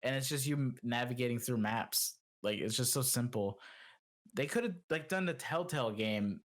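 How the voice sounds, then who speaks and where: A man's voice: medium pitch, normal speed. A young man co-hosting a casual podcast, griping and sarcastic. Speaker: podcast co-host. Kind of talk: casual chat.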